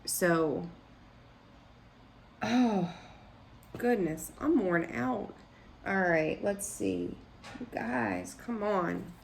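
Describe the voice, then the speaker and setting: A woman's voice: mid-range voice, creaky, a little hiss or hum. A woman giving a casual tarot reading, blunt and frank, scolding her listeners and rambling with restarts. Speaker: tarot reader.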